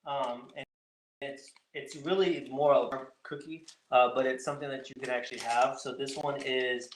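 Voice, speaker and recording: A man co-hosting a food vlog, talking in a relaxed way with lots of ums and uhs. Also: medium pitch, moderate pace. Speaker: co-host of keto vlog. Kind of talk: casual chat. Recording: echoey room with faint noise.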